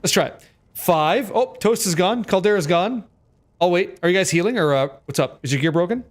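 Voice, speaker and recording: A man streaming a game live and talking to his chat, excitable and joking, swearing freely as he plays. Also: sits high, brisk. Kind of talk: live gameplay commentary with chat.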